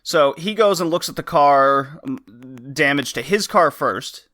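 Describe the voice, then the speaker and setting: Podcast co-host, male, bright tone, animated storyteller, casual swearing. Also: on the high side, a little slow. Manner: animated, laughs often while telling stories.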